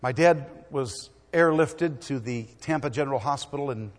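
A middle-aged man preaching a sermon in a church, swinging from loud exhortation to quiet storytelling. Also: medium pitch, moderate pace, big-room sound.

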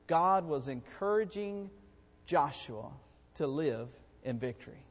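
A high-pitched man preaching in a church, his voice ringing with long reverb from the hall. He moves between loud, rising exhortation and quiet asides. He stretches out his scripture readings slowly. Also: lively intonation. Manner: reads scripture in slow, drawn-out phrases. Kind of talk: sermon.

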